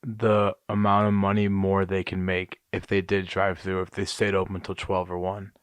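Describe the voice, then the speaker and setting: A man in his twenties co-hosting a podcast, answering in a calm, reasonable way. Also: low-pitched, normal speed, clean tone, dry recording. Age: 20s. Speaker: podcast co-host. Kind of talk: casual podcast chat.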